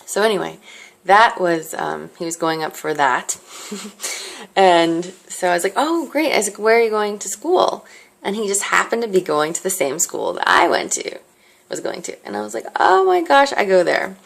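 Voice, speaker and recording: Young woman rambling through a story to camera, low voice with lots of fry, holding the phone close. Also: moderate pace. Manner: chatty, rambling, many fillers and self-asides. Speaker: vlogger. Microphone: handheld device held close.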